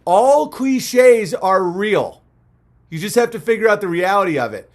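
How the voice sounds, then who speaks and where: A young man with a notably high-pitched voice hosts a livestream. He rambles and rants, swearing freely and mocking the people he talks about. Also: sing-song, unhurried. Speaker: livestream host. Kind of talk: ranting livestream monologue.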